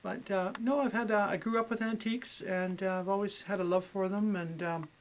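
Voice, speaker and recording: A middle-aged woman telling stories about her own house in a chatty, unhurried way, with plenty of ums and uhs. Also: mid-range voice, steady tone, a little hiss or hum, poor audio. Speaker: homeowner and guest. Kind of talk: casual storytelling.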